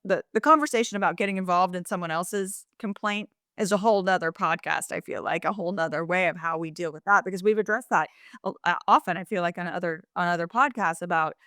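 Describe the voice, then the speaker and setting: A woman's voice: lowish voice, fast, dry recording, clean studio sound. A woman co-hosting a podcast in casual chat, talking at length with restarts and acting out quoted phrases. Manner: animated, acts out quoted phrases in shifting voices; talkative, frequent restarts and asides. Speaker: podcast co-host.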